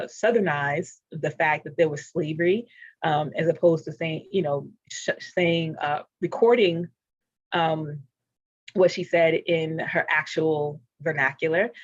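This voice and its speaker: A panel speaker giving an unscripted convention talk, halting, with many fillers, restarts and repeated words. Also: mid-range voice, dry recording. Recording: dull, dry sound.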